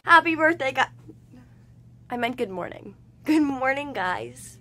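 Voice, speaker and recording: A woman's voice: high-pitched, expressive, a little slow, bright, forceful tone. A young woman chatting casually in a vlog, bubbly and jokey, poking fun at herself. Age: young adult. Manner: bubbly, jokey, self-mocking. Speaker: vlogger.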